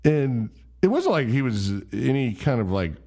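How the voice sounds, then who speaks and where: A man's voice: mid-range voice, big pitch swings, normal speed, warm tone. A man casually telling a rambling, self-deprecating story. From Memphis, USA. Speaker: vlogger.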